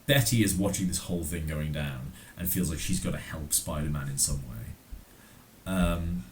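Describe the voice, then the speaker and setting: A man's voice: rumbling low, normal speed, darkish tone, a little hiss or hum. A man co-hosting a podcast, casually recapping a comic with lots of ums and likes. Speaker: podcast co-host.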